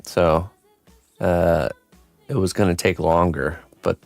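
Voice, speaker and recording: A man hosting a live stream as a sculptor, chatting casually with halting, filler-filled pauses. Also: sits low, steady tone, creaky, a little mellow, soft background music.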